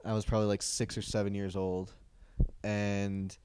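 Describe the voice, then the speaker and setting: Low-voiced man rambling through anecdotes. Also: monotone, moderate pace, a little mellow, a little hiss or hum. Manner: rambling anecdotes with filler words and quoted voices. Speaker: comedian co-host. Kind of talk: casual comedic banter.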